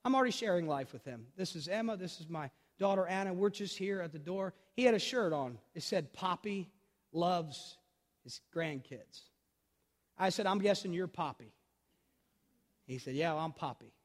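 A middle-aged pastor with a high voice preaches a sermon in a church, moving from loud, urgent bursts down to quiet, intimate storytelling. He repeats phrases for emphasis and talks straight to the congregation. His voice carries a long reverb through the large hall. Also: animated, moderate pace. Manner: repeats phrases for emphasis and addresses listeners directly.

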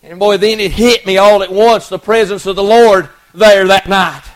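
Man, middle-aged, preacher; high-pitched, folksy storytelling sermon. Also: steady tone, normal speed, poor audio. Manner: folksy, earnest, many restarts and repeated words.

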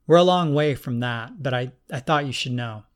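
Man doing a woman detective, direct, brisk questions, storybook reading. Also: medium pitch, natural voice. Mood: businesslike.

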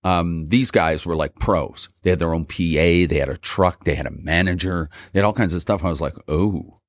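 A man from Montreal, a musician guest, telling his story in a lively, self-mocking way. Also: low voice, brisk, dry recording. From Montreal, Canada. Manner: animated, self-mocking, acts out voices. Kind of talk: casual storytelling.

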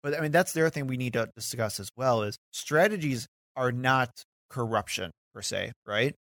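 A man co-hosting a political podcast in casual chat, talkative and quick to laugh. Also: mid-range voice, a bit bright, dry recording, studio quality. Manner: talkative, laughs often, hedging asides. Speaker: podcast co-host.

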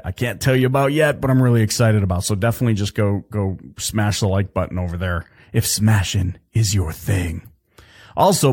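A man hosting his own podcast, talking in an energetic, chatty way with lots of fillers and restarts. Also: lowish voice. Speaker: podcast host. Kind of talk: casual solo podcast talk.

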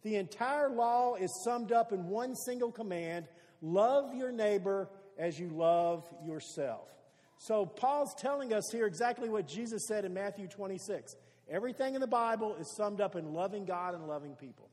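A man's voice: sits high, lively intonation, moderate pace, darkish tone, big-room sound. A man preaching a sermon as pastor, earnest and stacking repeated phrases for emphasis.

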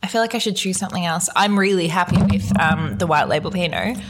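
A woman co-hosting a podcast, chatting casually through a wine and cheese tasting, bubbly and quick to laugh. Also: fairly low pitch, heavy background noise. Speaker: podcast co-host.

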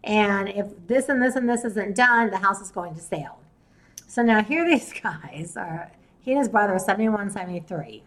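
This podcast host speaks at normal speed in a mid-range, fairly bright voice with lively intonation, all on a rough recording. A real estate investor, she tells her story casually and acts out the people involved, quoting their conversations in different voices.

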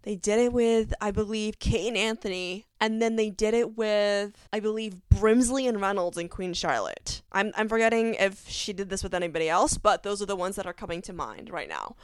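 A woman's voice: medium pitch, moderate pace, few pauses, clear, resonant tone, no room sound, clean studio sound. A young woman hosting a casual solo podcast, talking in a gushing, enthusiastic way with lots of fillers. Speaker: podcast host.

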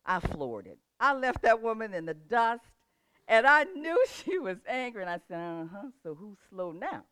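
An older woman who laughs often as she tells a lively story, then moves into a relaxed motivational talk about setting goals. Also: on the high side, moderate pace, slight background noise.

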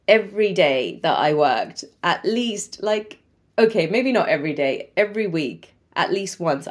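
Here is a woman speaking as a guest on a podcast, with a fairly low voice. She talks casually and chattily, often breaks into laughter, and uses lots of fillers. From Sri Lanka. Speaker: guest, medical doctor.

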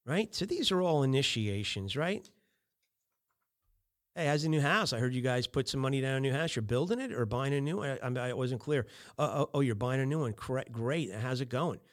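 A man's voice: mid-range voice, animated, a little fast. Chatty middle-aged male podcast host. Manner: acts out sample small talk, many fillers. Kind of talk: casual coaching talk.

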